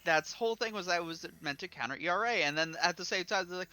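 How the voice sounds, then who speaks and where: A man's voice: sits high, fast talker, hardly any pauses. A man streaming and chatting casually, ranting and swearing a lot as he talks about a game. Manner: animated ranting, swears often. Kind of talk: casual gaming chat.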